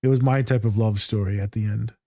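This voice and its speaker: A man's voice: fairly low pitch, steady tone, fast, dark tone, no room sound, clean studio sound. A man who works as a therapist, co-hosting a podcast in loose, profane chat, telling stories with lots of energy, swearing freely and laughing often. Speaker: podcast co-host.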